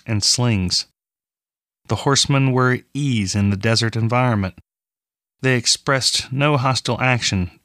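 Narrating a fantasy audiobook, this man has a mid-range voice and keeps his storytelling measured and even. There's no echo, and the sound is clean studio quality.

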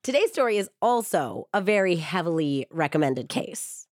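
A woman hosting a true crime podcast, her voice husky and a touch hoarse from a cold. She sits a little low in her range and talks with chatty warmth before settling into a steady narrating read. The studio sound is close and dry. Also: dry recording. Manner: upbeat and chatty, with a measured storytelling read.

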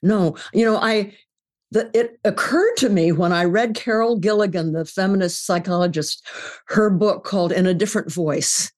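A woman's voice: mid-range voice, normal speed, a little mellow. An older woman speaking as a podcast guest, reflective and emphatic in her talk. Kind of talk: podcast conversation.

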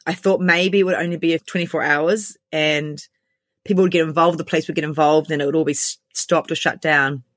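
A woman's voice: low voice, steady tone, a bit bright, dry recording, clean studio sound. A woman, candidly retelling a personal ordeal and acting out the lines of everyone in it. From New Zealand. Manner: candid, quick, full of quoted dialogue. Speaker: interviewee. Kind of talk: recounting a personal story.

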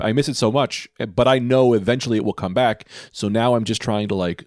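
A man who is a stand-up comedian, a guest on a podcast, telling stories in a rambling, animated way. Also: lowish voice, no room sound, clean studio sound. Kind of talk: casual podcast chat.

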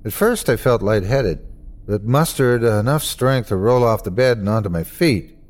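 A man narrating a scary story in a scripted, dramatic way. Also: a little mellow. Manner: dramatic, swings high for cries. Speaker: host and narrator.

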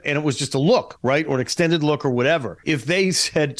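Higher-voiced man, laughing and chatty. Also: brisk. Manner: laughs often, eager and talkative. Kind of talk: casual chat.

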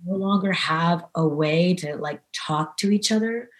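A woman guest on a podcast talks in a low, easy voice, earnest and animated. She spills out her thoughts with plenty of fillers and restarts. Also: measured pace. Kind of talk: casual interview talk.

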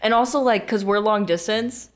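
A woman's voice: mid-range voice, moderate pace. A woman co-hosting a podcast, talking candidly and a little self-consciously. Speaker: podcast co-host. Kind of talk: casual chat.

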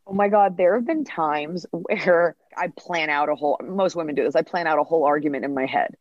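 A woman comedian, a guest on a podcast, telling stories in an animated way and acting out bits of dialogue. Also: low voice, fairly quick, no echo, dull audio. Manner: animated storytelling, acts out dialogue. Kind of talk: podcast interview.

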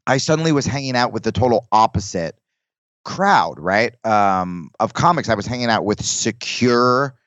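A comedian guest talking in casual podcast chat, rambling with restarts and acting out quoted lines. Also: male voice, fairly low pitch, animated, normal speed, a bit bright, no room sound, highs cut off.

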